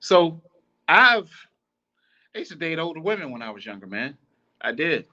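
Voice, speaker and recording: A man hosts a podcast and delivers blunt, profane advice in a preachy, repetitive monologue. His voice is fairly high and bright, and his pitch swings a lot. The recording sounds somewhat dull and lo-fi. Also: big pitch swings, moderate pace. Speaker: podcast host.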